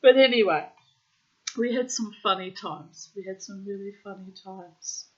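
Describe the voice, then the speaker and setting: A woman's voice: mid-range voice, measured pace, dull audio. A woman telling a story casually, laughing often, swearing freely and acting out the people she quotes.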